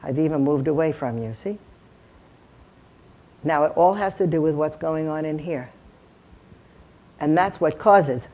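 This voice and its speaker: A woman's voice: low voice, a little mellow. A woman giving a live seminar to lawyers, engaging the audience with rhetorical questions and demonstrating tones of voice. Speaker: communications consultant lecturing lawyers. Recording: dull lo-fi recording.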